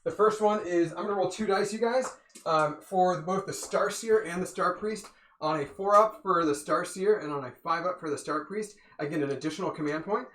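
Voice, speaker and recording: A man's voice: high-pitched, fairly quick, fairly bright tone, echoey room. A man casually narrating his moves in a tabletop wargame, thinking aloud and talking to viewers as "you guys". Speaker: wargame player and streamer. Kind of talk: casual play-by-play of a tabletop game.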